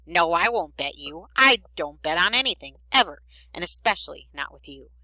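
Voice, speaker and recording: A woman's voice: fairly low pitch, lively intonation, normal speed, sharp tone, no echo, exaggerated voice, poor audio. A woman voicing a curt, scornful schoolgirl in a storybook reading. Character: snippy, stern schoolgirl.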